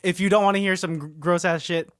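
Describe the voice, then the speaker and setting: Higher-voiced man, dry close studio sound. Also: fairly even intonation, quick pace, clean tone, dry recording. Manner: hesitant, trails off with ums. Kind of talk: casual podcast banter. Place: podcast studio.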